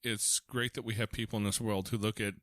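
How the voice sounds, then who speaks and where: A man's voice: on the low side, fairly quick, dry recording, clean studio sound. A man hosting a podcast as a foster parent, telling stories casually with lots of restarts. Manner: storytelling, animated, frequent restarts.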